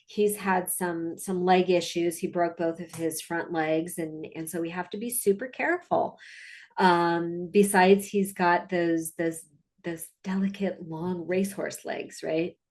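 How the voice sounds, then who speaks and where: A woman's voice: fairly low pitch, fairly even intonation, unhurried, darkish tone. A woman dog trainer narrating her video clips in a casual, chatty, upbeat way, with fillers and asides.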